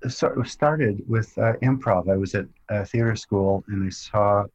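A man, a podcast guest, telling stories in a relaxed chat full of fillers and restarts. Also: fairly low pitch, measured pace, highs cut off. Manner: relaxed storytelling with many fillers. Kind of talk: casual interview chat.

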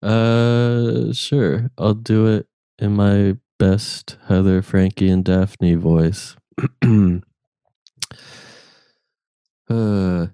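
A man co-hosting a comedy podcast over a video call, chatting casually and reading listener messages aloud in a dry, low-key way. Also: little pitch movement, drawn-out words, pauses often, mellow, clean tone, no echo. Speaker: podcast co-host. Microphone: remote call microphone.

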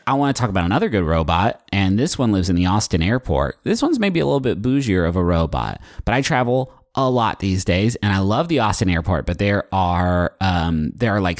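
A man's voice: low-pitched, no echo, studio quality. A man in his thirties co-hosting a podcast in casual chat, rambling and jokey. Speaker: podcast co-host.

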